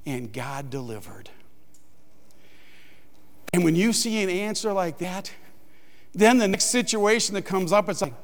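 High-voiced man preaching in a reverberant hall. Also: a little slow, vocal fry, pauses often. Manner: animated, acts out his own panicked voice in quotes. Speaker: pastor. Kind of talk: sermon with humorous storytelling.

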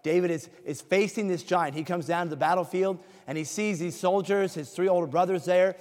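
A man with a somewhat high voice delivers a sermon. He reads scripture in slow, weighty phrases, then slips into casual asides to the congregation. The sound rings with the long reverb of a big hall. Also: darkish tone. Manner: slow emphatic scripture reading, conversational asides. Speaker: preacher.

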